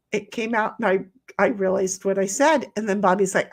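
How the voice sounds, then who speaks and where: A woman's voice: medium pitch, measured pace. A woman hosting a casual livestream, reading chat messages aloud in playful voices and rambling with many restarts while she paints.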